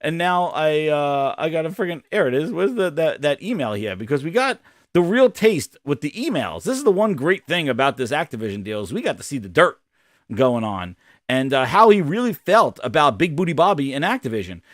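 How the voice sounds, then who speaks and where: A man hosting a gaming podcast, telling a rambling, animated story in casual commentary. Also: fairly high pitch, a little fast, no room sound, clean studio sound. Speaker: podcast host.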